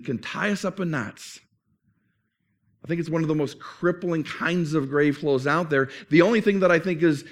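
A man preaching a sermon as pastor, earnest and conversational, often restarting phrases. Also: on the high side.

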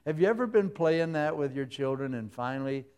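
A man's voice: fairly high pitch, expressive, brisk, darkish tone, clear, resonant tone. A man preaching a sermon in a folksy, humorous way, full of everyday stories. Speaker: pastor.

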